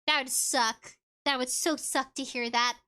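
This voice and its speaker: A VTuber streams casually from home, reading viewer comments aloud in loose, friendly chat. Her high, bright, clear voice keeps a steady tone at a slightly slow pace. She is bubbly and giggly, laughing frequently.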